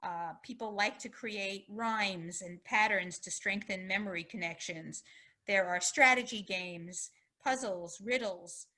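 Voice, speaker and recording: Speaking a little slowly in a mid-range voice, a female physician delivers a public talk on health. Her tone is bright and forward, her explanations are warm and conversational, and now and then she shares a short personal anecdote.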